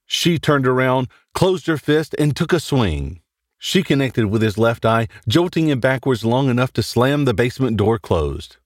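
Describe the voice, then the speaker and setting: A man hosting and narrating a horror story in a dramatic, animated reading. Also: medium pitch, normal speed, no echo, clean studio sound. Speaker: host and narrator.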